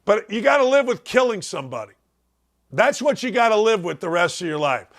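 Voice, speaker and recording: A high-pitched older man hosts a sports talk show with a blunt, mocking edge. He jumps from loud jabs down to low, grumbling mutters. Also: very animated, brisk. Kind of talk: opinionated sports talk rant.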